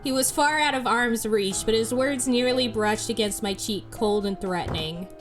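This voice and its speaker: A woman's voice: fairly high pitch, normal speed, over music. A woman playfully reading a visual novel aloud as a let's play host, often breaking into giggles. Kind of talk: narrating a visual novel, casual chat.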